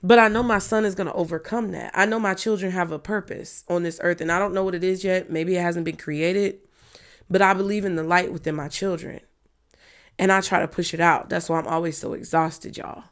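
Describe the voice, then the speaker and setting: A woman's voice: fairly low pitch, fairly even intonation, fairly quick. A woman in her thirties, a tarot reader, talking frankly and bluntly to her viewers, swearing freely. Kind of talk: candid personal talk to viewers.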